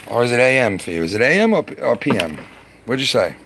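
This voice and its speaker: A man chatting loosely with viewers on a live stream from his garage, excitable and profane, laughing often and stumbling over words. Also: medium pitch, fast talker, creaky, slight background noise. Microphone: phone.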